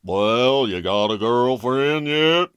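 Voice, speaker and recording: A man imitating a loud southern uncle. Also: medium pitch, animated, smooth, no echo, studio quality. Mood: hearty. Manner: loud, slow drawl.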